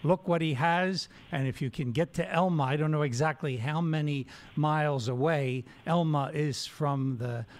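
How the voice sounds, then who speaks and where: A man's voice: fairly high pitch, normal speed, hardly any pauses. Radio host guy, enthusiastic, praising his guest. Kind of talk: radio talk show hosting.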